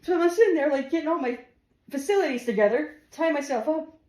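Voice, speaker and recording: Woman, casual comic storyteller, laughs through lines, a little high, roomy echo. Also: fast talker. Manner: laughing through her words, animated, swearing. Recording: roomy echo with faint music.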